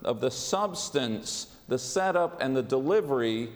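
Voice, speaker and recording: A man's voice: medium pitch, animated, a little slow. Wry male rabbi in a reverberant hall. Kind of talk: sermon.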